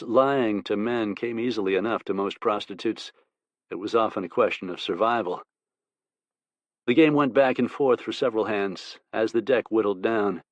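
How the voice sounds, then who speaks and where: A man narrating an audiobook in a steady, measured way. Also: lowish voice, dry recording, lo-fi sound.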